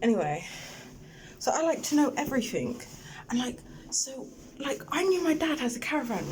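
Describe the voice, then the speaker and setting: A woman's voice: sits high, moderate pace, pauses often. A young woman ranting about her own story in a rambling, emotional way, filming herself on a phone. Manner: rambling, emotional, animated storytelling with many restarts. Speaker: vlogger. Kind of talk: ranting personal monologue. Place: outdoors, then a dark public bathroom. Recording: phone video with loud background noise.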